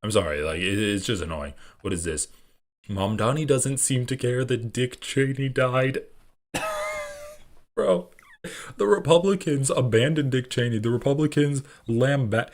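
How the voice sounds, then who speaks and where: A man's voice: mid-range voice, unhurried. A man live-streaming his reactions to online clips, sarcastic and profane, often laughing as he talks. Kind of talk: casual live-stream commentary.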